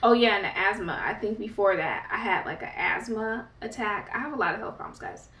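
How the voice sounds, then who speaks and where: A woman's voice: mid-range voice, expressive, a little fast, a bit bright, distant mic. A woman vlogger telling a personal story in a chatty, casual way, peppered with fillers. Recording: roomy, set back from the mic.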